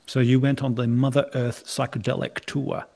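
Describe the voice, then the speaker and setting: A man's voice: medium pitch, level tone, normal speed, vocal fry, darkish tone. A man hosting a casual live stream, teasing his guests and laughing often. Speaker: stream host.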